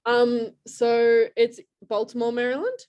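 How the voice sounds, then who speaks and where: A woman's voice: fairly high pitch, fairly even intonation, a little slow, darkish tone. A young woman with an Australian accent talks over a video call. Her speech is chatty and loose, with lots of "like" fillers and frequent laughs. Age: young adult. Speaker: interview guest, college lacrosse player. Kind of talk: casual video call interview.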